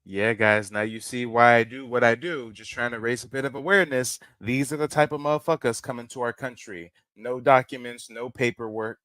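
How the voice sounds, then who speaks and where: A male stream host reacts to clips in a bright, sharp voice, blunt and profane as he talks straight to his viewers. The sound is dry and close, with no room around it. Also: medium pitch, steady tone, a little fast, few pauses, no room sound. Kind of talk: reaction commentary.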